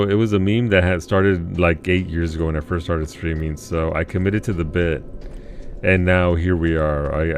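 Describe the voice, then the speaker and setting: A man's voice: low voice, slight background noise. A man in his thirties, live-streaming a video game and casually chatting with his viewers, reading and answering chat messages aloud.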